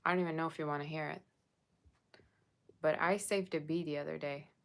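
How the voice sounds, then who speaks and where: A woman's voice: low-pitched, fairly even intonation, brisk. A woman reading tarot for her viewers in a casual, chatty way, checking in with them often. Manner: chatty, addresses viewers with frequent "okay?". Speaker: tarot reader.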